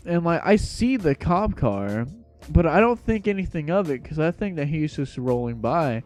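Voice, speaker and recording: A man's voice: a little high, sing-song, normal speed, darkish tone, lo-fi sound, faint music behind. A young man casually telling a storytime tale in a slangy, rambling, laid-back way.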